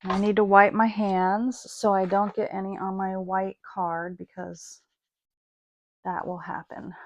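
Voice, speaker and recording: A woman's voice: mid-range voice, flat delivery, unhurried, a little mellow, slight background noise. A woman hosting a casual online card-making class, chatting as she works. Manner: chatty, thinks aloud while working. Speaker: craft class host. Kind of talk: casual craft demonstration.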